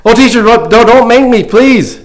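A man's voice: very high voice, animated, moderate pace, voice pushed up. A man voicing a frightened, hungry little boy of about ten who pleads in a shaky voice, inside a story read in a sermon. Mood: pleading.

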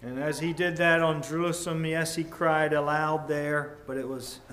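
A man preaching a sermon in a measured, earnest way, swinging between loud emphasis and hushed tones. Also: fairly high pitch, little pitch movement. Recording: echoey room with faint ambient noise.

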